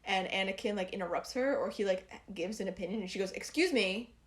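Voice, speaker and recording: A woman co-hosting a podcast in casual chat, rambling and animated with lots of fillers, recorded over the phone. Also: medium pitch, fast. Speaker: podcast co-host. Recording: phone call audio.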